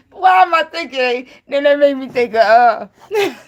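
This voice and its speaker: A young woman reading tarot and giving blunt relationship advice in a casual, profane way, laughing often and wandering off on tangents. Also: high-pitched. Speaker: tarot reader. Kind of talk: casual spiritual advice talk.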